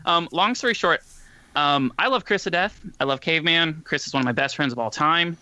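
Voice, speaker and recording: Rambling emotional young man, bright voice. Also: fairly high pitch, a little fast, no room sound. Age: 20s. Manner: rambling, emotional, full of fillers. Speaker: departing co-host. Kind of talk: casual podcast chat.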